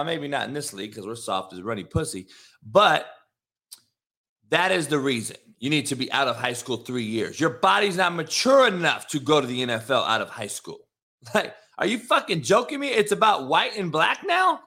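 A man's voice: fairly high pitch, creaky. A man hosting a sports talk show, brash and profane, ranting about the news. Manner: brash, swearing, animated.

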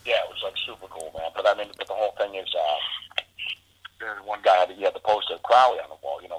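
A man's voice: deep voice, fast talker, husky, rough recording. A man being interviewed as a musician, telling rambling, profane anecdotes full of fillers. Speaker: guest musician. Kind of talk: casual storytelling interview.

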